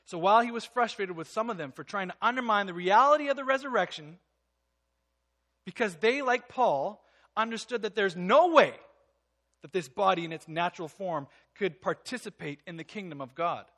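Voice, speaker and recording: A man preaching a sermon. He reads scripture aloud, then explains it in an earnest, emphatic way and sometimes drops to a soft, quiet voice. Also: high voice, animated, moderate pace. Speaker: pastor.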